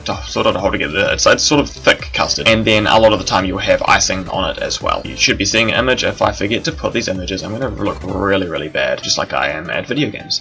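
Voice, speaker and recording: A man's voice: sits low, sharp tone. A young man with a New Zealand accent, vlogging in a chatty, rambling way with fillers and restarts. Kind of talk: casual talk to camera.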